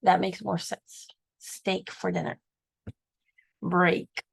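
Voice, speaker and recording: Woman, phonics teacher, very slow, gravelly edge, dry close sound. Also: on the low side, flat delivery, dry recording, low-quality recording. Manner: patient, sounds out words slowly. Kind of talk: slow spelling lesson.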